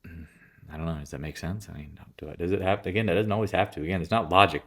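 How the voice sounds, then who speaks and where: A man's voice: low voice, fast, fairly bright tone. A congested man giving casual, rambling market commentary, bluntly and offhandedly, often interrupting himself. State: congested, clearing throat.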